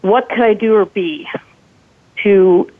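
A woman's voice: medium pitch, slow pace, dry recording. Grateful woman caller on a phone line. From Colorado, US. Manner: grateful, emotional, earnest. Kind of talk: call-in question.

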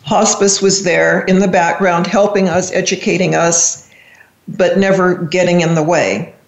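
An older woman speaks as a guest, recalling a family memory in a halting, deeply felt way. Her voice carries a roomy echo. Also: steady tone, vocal fry. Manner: reflective, halting, deeply emotional. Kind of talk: personal storytelling on a radio show.

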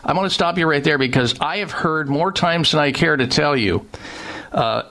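A man hosting a radio talk show in an emphatic way, pushing his pitch up hard on key words and cutting in to make his own points. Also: moderate pace, sharp tone.

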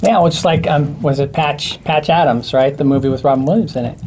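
Mellow-voiced man explaining communication tips. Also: fairly high pitch, brisk, slight background noise. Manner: explanatory, animated, with fillers. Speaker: communication expert guest. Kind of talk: casual chat.

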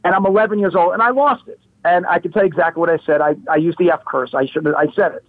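A man in his fifties telling a childhood story as a guest, animated and repeating his words. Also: high-pitched, fast talker, dry recording. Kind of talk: casual storytelling. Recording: phone-like radio line.

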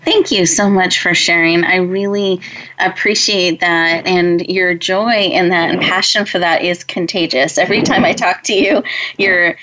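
Woman host speaking warmly, low voice. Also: steady tone, moderate pace, muffled recording, slight background noise. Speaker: interviewer, host. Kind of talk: interview.

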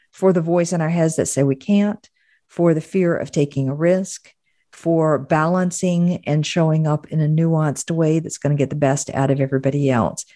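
A woman's voice: low-pitched, dark tone, no echo, studio quality. A woman hosting a podcast interview, affirming her guest and summarizing the takeaways. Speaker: podcast host. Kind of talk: interview and show wrap-up.

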